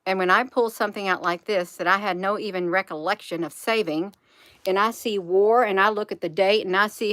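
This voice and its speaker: A woman's voice: medium pitch, steady tone, a little fast, fairly bright tone, no echo, clean studio sound. A woman, rambling emphatically to her viewers in a casual livestream. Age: 50s. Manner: rambling, emphatic, addresses viewers as "you all". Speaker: channel host.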